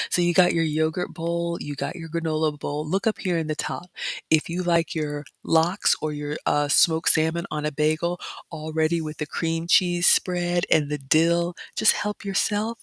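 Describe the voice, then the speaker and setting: A woman vlog host walking viewers through a brunch buffet, chatting casually, reading comments aloud and often dropping into soft excited whispers. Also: deep voice, unhurried, no echo. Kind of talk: casual live-stream walkthrough.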